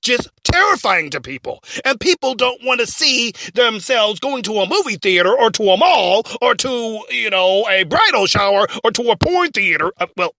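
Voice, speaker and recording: A man's voice: very high-pitched, big pitch swings, moderate pace, few pauses, bright, forceful tone, no echo, heavily acted. A man playing a blustering, bossy male talk radio host in a comedy skit, stammering and ranting.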